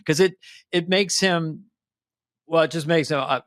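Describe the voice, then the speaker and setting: An older man co-hosting a podcast in casual chat, rambling and animated, often slipping into little voices. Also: on the high side, measured pace, no room sound, studio quality. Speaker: podcast co-host.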